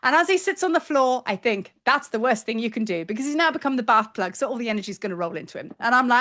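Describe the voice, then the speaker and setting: A middle-aged woman, a spiritual teacher telling a story in a chatty, animated vlog. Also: fairly high pitch, fast, hardly any pauses. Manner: animated, chatty, acts out quoted voices.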